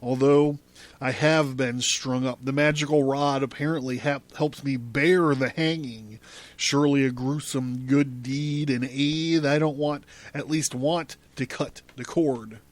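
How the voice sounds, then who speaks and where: A man's voice: medium pitch, fairly even intonation, a little slow, lightly acted. Man playing a weary hanged man. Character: man hanged high on a tree, weary and bewildered.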